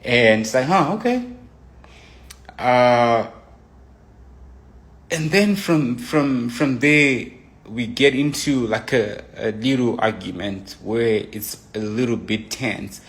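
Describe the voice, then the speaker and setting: A young male guest recounts his side of a breakup slowly, in a medium-pitched voice. The story is casual and personal, with lots of restarts and side comments.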